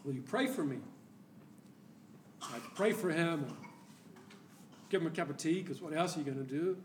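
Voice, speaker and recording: A man preaching a sermon, telling a story with lively laughter and acted-out quotes, heard from a distance in an echoey church hall. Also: a little high, normal speed, slight background noise. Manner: animated storyteller, laughs often, acts out quoted voices.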